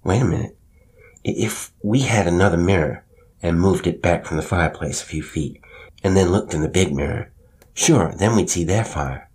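A man's voice: low voice, normal speed, a little mellow, husky. A man voicing a thirteen-year-old boy, the eldest brother, who talks in a sardonic yet earnest way. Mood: eager.

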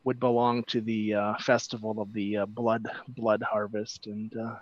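A man's voice: lowish voice, level tone, moderate pace, no echo, dull audio. A man playing in a tabletop game, explaining his character's actions casually with frequent fillers. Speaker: player.

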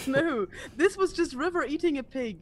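A woman's voice: sits high, animated, unhurried. A woman playing a tabletop game, hesitant and playful, breaking into laughs as she answers. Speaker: player. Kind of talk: tabletop role-play.

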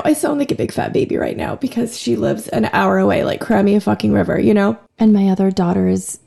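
Gravelly, hoarse-edged woman podcaster. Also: medium pitch, fairly quick, hardly any pauses, mellow. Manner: emotional, frank, swears casually. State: voice cracking after laryngitis. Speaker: podcast host. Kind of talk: candid personal monologue.

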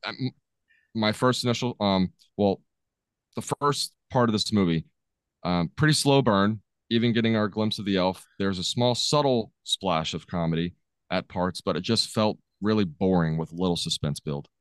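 Low-voiced man casually recapping a film. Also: normal speed, clear, resonant tone, dry recording. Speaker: podcast co-host recapping a film.

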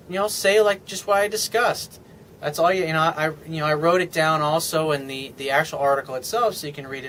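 A man's voice: on the high side, a bit bright, slight background noise. Rambling, frank dating coach man. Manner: rambling and frank, full of "I mean" and "you know". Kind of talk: casual video monologue.

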